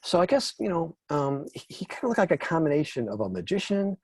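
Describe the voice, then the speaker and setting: Male guest musician, husky, self-deprecating storyteller in a dry recording. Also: a little high, big pitch swings, a little fast, darkish tone, dry recording. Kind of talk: casual interview chat.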